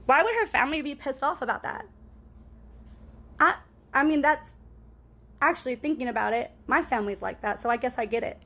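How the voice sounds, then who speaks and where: A woman's voice: high-pitched, a little fast, long pauses, pushed and bright. A woman in a casual storytime monologue, rambling and cussing as she talks to her viewers and keeps asking "right?".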